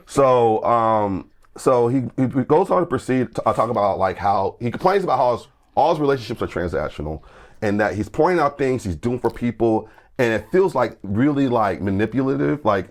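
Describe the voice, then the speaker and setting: A man, a guest church musician, telling an animated story in a podcast conversation, full of restarts, "like" and "I'm like", and acted-out quotes. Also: medium pitch, moderate pace. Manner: tells anecdotes with lots of restarts and acted-out quotes; fillers like "like" and "I'm like".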